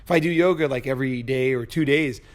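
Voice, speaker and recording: A man's voice: medium pitch, fast talker. A man vlogging a casual, rambling personal story, swearing freely and checking in with "you know" and "right?". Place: Bangkok.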